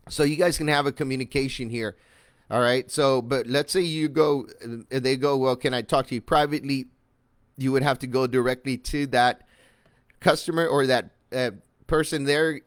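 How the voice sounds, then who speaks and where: A man in the middle range of pitch walks through an online marketing tutorial in a loose, chatty way. He fills his talk with "uh" and greets viewers by name as he goes. His voice sounds close and dry, with no room echo. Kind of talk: casual screen-share tutorial.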